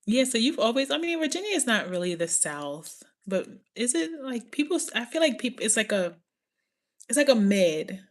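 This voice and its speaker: A woman's voice: on the high side, moderate pace. A woman from the New York area hosting a casual chat, rambling with lots of fillers, laughing often and slipping into playful accent impressions. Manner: giggly and excitable, laughs often. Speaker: podcast host.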